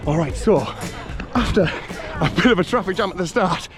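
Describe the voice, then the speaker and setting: Music plays in the background as a North East English man, a running vlogger, gives casual commentary during a trail run over hills and woodland, breathless, cheery and quick to laugh. His voice is high-pitched and fairly quick, and he greets passing runners.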